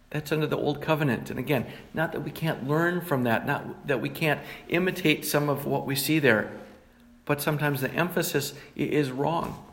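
A man's voice: on the high side, normal speed, fairly bright tone. Man preaching a plain sermon. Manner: plain teaching tone with scripture readings. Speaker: pastor.

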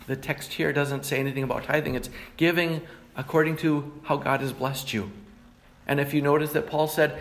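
A man's voice: medium pitch, steady tone, moderate pace. A middle-aged man, a pastor, preaching a sermon and reading scripture passages in a plain teaching tone.

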